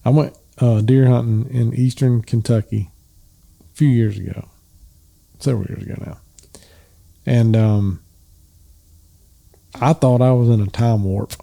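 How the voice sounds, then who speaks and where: A man's voice: mid-range voice, fairly even intonation, measured pace, gravelly, pauses often, warm tone. A man with a Southern American accent co-hosting a podcast, telling folksy, joking stories in casual chat. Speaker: podcast co-host.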